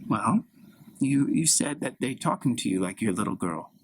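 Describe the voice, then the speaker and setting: A man improvising a gentle middle-aged mother who questions her daughter like a therapist. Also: mid-range voice, lively intonation, moderate pace, noisy background, close to an everyday voice. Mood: soothing. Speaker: improv performer. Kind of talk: solo improv scene.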